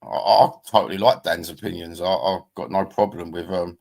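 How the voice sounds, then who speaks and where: A man's voice: low voice, steady tone, moderate pace, creaky, darkish tone. A man, chatting casually on a livestream and reading out viewer comments. He rambles bluntly, swears freely and calls people mate and bruv. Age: 50s. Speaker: livestream host.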